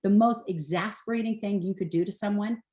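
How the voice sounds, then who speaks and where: A woman's voice: mid-range voice, dark tone. Frank, swearing woman in her forties. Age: 40s. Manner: frank and emphatic, swears casually, rapid run-on sentences. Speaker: podcast guest. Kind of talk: candid conversational storytelling. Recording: roomy echoey room.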